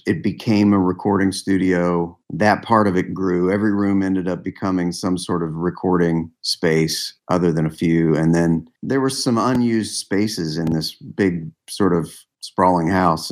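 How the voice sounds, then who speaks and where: Deep-voiced rambling man storyteller. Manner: rambling storyteller, laughs often. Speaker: musician guest. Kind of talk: casual interview chat.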